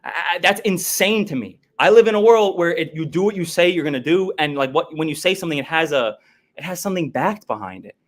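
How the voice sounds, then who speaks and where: A fired-up man arguing on a livestream, his voice pitched a little high. He swears freely, stumbles over repeated words and keeps demanding a straight answer. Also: lively intonation, quick pace. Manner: profane, heated, repetitive, demanding answers. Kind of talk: confrontational livestream argument.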